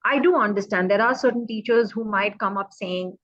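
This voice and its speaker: A woman's voice: medium pitch, fairly quick, fairly bright tone, no echo. Earnest woman psychologist, muffled dry audio. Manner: earnest, emphatic, repeats key points. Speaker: child psychologist. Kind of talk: online panel talk giving advice.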